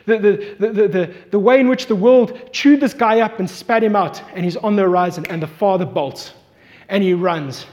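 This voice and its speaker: A man with a high, light voice preaches a sermon in a large hall, and his words ring out with a long reverb. He tells the story vividly and acts out the voices of the people in it. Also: a little mellow.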